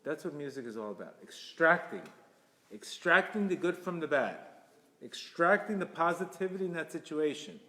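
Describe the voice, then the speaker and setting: A man giving an inspirational religious talk, emphatic and repetitive, with sudden loud bursts. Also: fairly high pitch, animated, moderate pace. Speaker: Torah teacher. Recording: echoey hall reverb.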